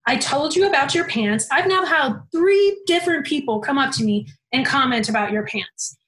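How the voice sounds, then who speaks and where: Stern, indignant woman supervisor, put on by a female storyteller; high voice, reverberant room. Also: lively intonation, a little fast, fairly bright tone. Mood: exasperated scolding. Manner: scolding, indignant.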